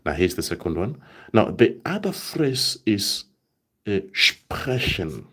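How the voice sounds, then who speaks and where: A man teaching a live online German lesson, saying example sentences slowly and checking in with "right?" often. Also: on the low side, sing-song, a bit bright, breathy edge.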